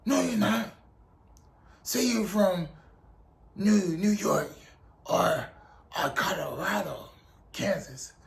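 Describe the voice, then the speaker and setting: A man's voice: sits high, expressive, takes it slowly, vocal fry, long pauses, reverberant, exaggerated voice. A man voicing a harsh male drill sergeant who barks clipped orders at a recruit. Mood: barking. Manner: barking orders in clipped commands.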